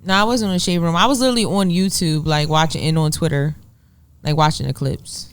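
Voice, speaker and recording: A man's voice: fairly high pitch, fairly even intonation, a little fast, clean tone. A man in a casual podcast chat, playful and pressing his questions. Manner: playful, quizzing, pushes a point. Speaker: podcast co-host.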